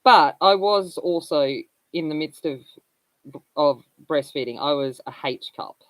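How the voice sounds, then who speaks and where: A woman's voice: sits low, unhurried, dry recording, poor audio. A woman in her forties chatting casually as she hosts a colouring stream, telling rambling, candid stories and laughing often. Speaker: colouring livestream host. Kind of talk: casual chat.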